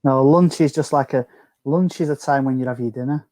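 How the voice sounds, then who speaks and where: A man's voice: medium pitch, a little fast, warm tone, no echo. A man appearing as a guest on a podcast, teasing the others in casual chat and laughing at his own jokes.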